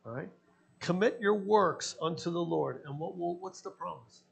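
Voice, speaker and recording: A man's voice: high voice, normal speed, gravelly. A man, a pastor, preaching a sermon and telling personal stories, acting out the dialogue in them. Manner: storytelling, acting out his own quoted dialogue.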